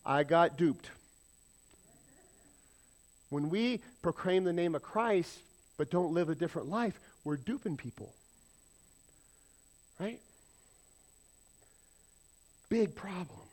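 High-pitched preaching man. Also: expressive, slow, pauses often. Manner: emphatic preaching, rhetorical questions to the congregation. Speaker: pastor. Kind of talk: sermon.

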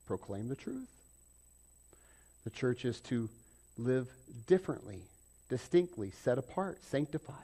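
Man preaching with lively loud-soft swings. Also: medium pitch. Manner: conversational preaching with sudden loud emphasis and quiet asides. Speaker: pastor. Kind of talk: sermon.

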